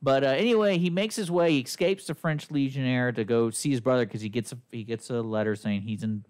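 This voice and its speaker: A man's voice: medium pitch, fairly quick, smooth. Middle-aged man telling a movie story. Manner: animated storytelling with acted-out quotes. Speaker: podcast host reviewing movies. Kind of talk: casual chat.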